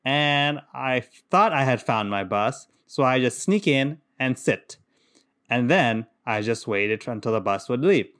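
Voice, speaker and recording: Guy in his 30s telling a story on a podcast, acts out voices, laughs a lot, normal pitched voice. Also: unhurried, clean tone. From Qatar. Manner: animated, acts out voices in anecdotes, laughs often. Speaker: podcast co-host. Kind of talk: casual chat, storytelling.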